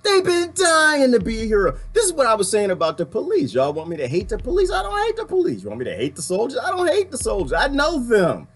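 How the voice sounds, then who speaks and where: A man's voice: very high voice, huge pitch swings, fast talker, few pauses. A man ranting in a casual monologue, rambling and laughing often as he slips into quoted voices. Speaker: vlogger.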